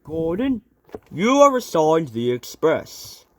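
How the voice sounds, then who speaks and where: A man's voice: a little high, very animated, slow, fairly bright tone, full character voice. A man voicing a fussy, formal railway boss handing out jobs in a homemade storybook reading. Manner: formal, announcing. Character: fussy middle-aged male railway boss.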